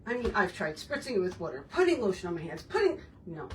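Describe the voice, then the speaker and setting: Woman chatting thru a craft project at home, mic a little far off, quiet room hum. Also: fairly low pitch, big pitch swings, quick pace. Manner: chatty, self-talking while working with her hands. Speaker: craft video host. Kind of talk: casual crafting tutorial chat.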